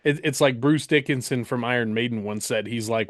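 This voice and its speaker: A man's voice: mid-range voice, fairly quick, no echo. Easygoing male podcast host, dry sound. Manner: easygoing, laughs readily. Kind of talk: casual interview.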